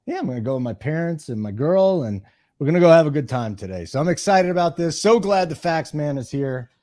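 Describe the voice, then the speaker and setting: A man hosting a sports betting show, teasing his co-hosts in a dry, deadpan way. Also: a little high, fairly quick. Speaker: show host. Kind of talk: casual chat.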